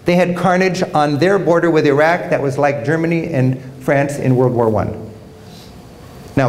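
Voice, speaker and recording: A middle-aged American man giving a public travel lecture, telling stories with humor. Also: medium pitch. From United States. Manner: animated storytelling with humor. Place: lecture hall with audience.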